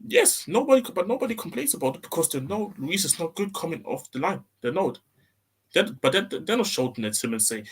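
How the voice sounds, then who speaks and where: A man's voice: on the high side, big pitch swings, a little fast, breathy edge. A man in a casual football chat, heated and slangy, repeating himself as he argues. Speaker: panelist.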